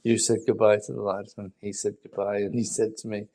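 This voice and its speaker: Low, mellow man chatting. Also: fairly quick. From Liverpool. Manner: relaxed anecdotal storytelling with frequent laughs. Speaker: podcast co-host. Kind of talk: casual chat.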